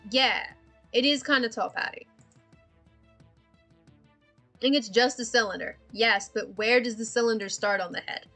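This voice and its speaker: A woman with a slightly high, sharp voice livestreams while she draws. She chats casually and rambles, swearing and laughing often as an art streamer.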